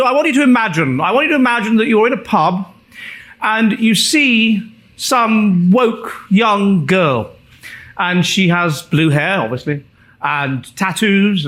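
A man's voice: high-pitched, a bit bright. A man from England, an author presenting his book in a live talk to an audience, speaking as a wry, lecturing storyteller who often halts and restarts.

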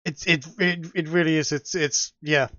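A man chatting casually as a podcast co-host, animated and quick to laugh. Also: fairly high pitch, dry recording. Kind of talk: casual chat. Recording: dry, dull lo-fi audio.

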